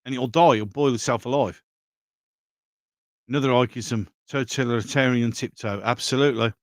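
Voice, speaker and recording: A man's voice: mid-range voice, fairly even intonation, normal speed, no room sound, clean studio sound. A man hosting a live stream in a loose, conversational way, reading out viewer comments and answering them as he goes. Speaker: livestream host reading viewer chat.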